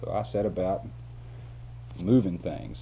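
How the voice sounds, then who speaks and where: A man's voice: deep voice, fairly even intonation, a little slow. A man telling a long story in a casual, rambling way. He chuckles often and restarts words. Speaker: interviewee telling a work story. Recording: phone-like lo-fi tape with faint hum.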